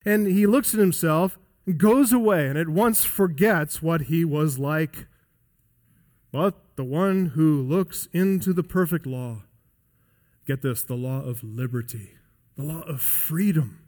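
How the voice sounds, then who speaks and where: A male pastor preaching a sermon emphatically, swinging between loud high emphasis and quiet low drops. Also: slow, long reverb tail. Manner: emphatic preaching with wide swings in pitch and loudness. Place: church sanctuary.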